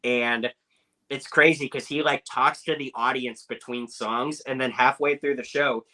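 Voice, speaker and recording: A young man telling animated anecdotes as a podcast guest, with lots of filler words. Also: mid-range voice, measured pace, poor audio. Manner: animated storyteller, many "like" fillers.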